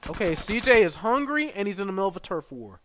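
A man streaming a game live, chatting with viewers and bursting into loud excited yells. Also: sits high, quick pace, slight background noise. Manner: excitable, bursts into loud yelling, banters with chat. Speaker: gaming streamer. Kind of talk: live gameplay commentary.

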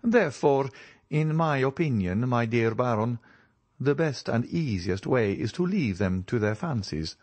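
A man reading an audiobook and voicing a suave, ironic nobleman count with a smooth, measured, faintly mocking delivery. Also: mid-range voice, lively intonation, darkish tone, dry recording. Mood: wry.

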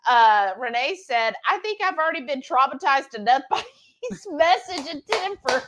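Woman co-host, high and animated, laughs a lot reading comments. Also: unhurried, heavy background noise. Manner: giggly, laughs often while reading comments aloud. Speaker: co-host of a cooking livestream. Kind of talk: casual chat reading viewer comments.

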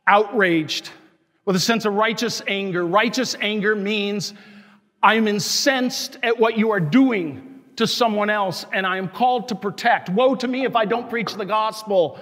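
Impassioned priest preaching in reverberant church. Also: male voice, sits high, measured pace, a bit bright. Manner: impassioned, scolding, emphatic preaching. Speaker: Catholic parish priest. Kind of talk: sermon.

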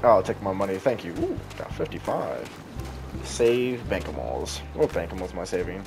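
A man's voice: deep voice, big pitch swings, normal speed, loud music behind the voice. A young man giving sarcastic, jokey let's-play commentary, chatting to the game's characters as he plays. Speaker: gaming YouTuber.

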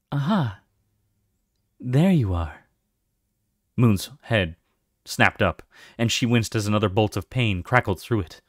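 A man narrating a fantasy novel aloud with expressive storytelling. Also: lowish voice, no echo, clean studio sound. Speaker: audiobook reader.

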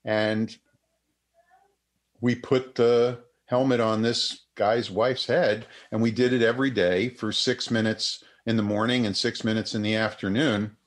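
A man's voice: fairly low pitch, steady tone, unhurried. An older man, a psychotherapist and researcher, telling a story in an interview with many restarts and acted-out quotes.

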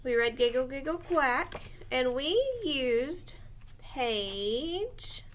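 Brief: woman teacher with a high voice, recorded lesson for young children, patient and clear. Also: expressive. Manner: slow, clear and encouraging, spelling out words as she writes.

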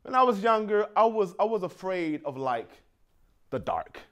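A man in his thirties on stage doing stand-up with a high-pitched, swooping voice. He tells his stories with lots of energy and often laughs at his own jokes. His delivery stays loose and conversational. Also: very animated, normal speed, a bit bright. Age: 30s. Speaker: stand-up comedian. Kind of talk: stand-up routine.

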